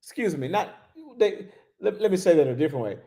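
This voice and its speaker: A man preaching a sermon as a bishop, animated and laughing, repeating key phrases for emphasis. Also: a little high, fast talker. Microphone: livestream.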